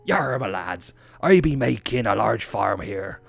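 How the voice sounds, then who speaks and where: A man's voice: fairly low pitch, big pitch swings, a little slow, vocal fry, husky, full character voice. An English man voicing a hearty male pirate, boasting about his farm in rolling pirate talk. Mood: boastful.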